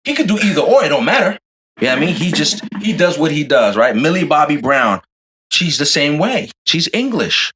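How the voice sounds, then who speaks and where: A man's voice: on the high side, sing-song, normal speed, bright, forceful tone, a little hiss or hum. An American man hosting a casual podcast chat, loose and joking, heavy on slang. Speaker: podcast host.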